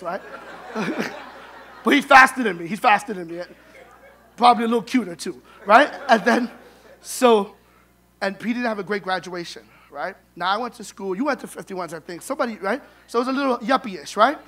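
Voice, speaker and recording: High-voiced New man, animated storyteller. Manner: humorous, animated, acts out dialogue. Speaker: son giving a eulogy. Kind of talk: storytelling eulogy at a memorial service.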